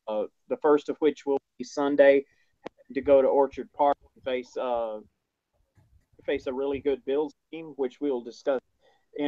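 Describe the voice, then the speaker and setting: A man's voice: mid-range voice, warm tone, no room sound, highs cut off. A man co-hosting a sports podcast, talking casually with frequent hesitations and fillers. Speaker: podcast co-host.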